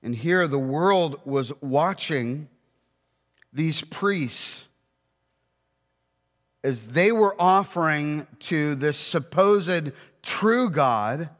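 High-voiced preacher in a reverberant hall. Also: male voice, expressive, a bit bright. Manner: emphatic, rhetorical questions, slows for scripture. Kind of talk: sermon.

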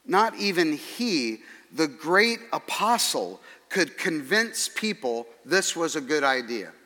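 A man preaching a sermon as pastor, earnest and measured, with dry humorous asides. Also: on the high side, very animated, sharp tone, in a large hall.

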